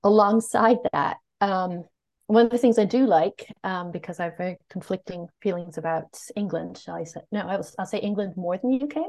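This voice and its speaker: A woman with a General American accent, speaking as an interview guest who researches media. She talks in an animated, outspoken way, thinking aloud and restarting her sentences. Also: mid-range voice, fairly quick. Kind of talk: conversational interview.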